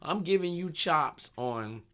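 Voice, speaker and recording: A man, a stand-up comedian, is talking shop in a relaxed chat. He tells his stories with lots of energy and slips into other people's voices along the way, laughing as he goes. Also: fairly high pitch, takes it slowly. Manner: animated storyteller, acts out voices, laughs often. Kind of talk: casual storytelling chat.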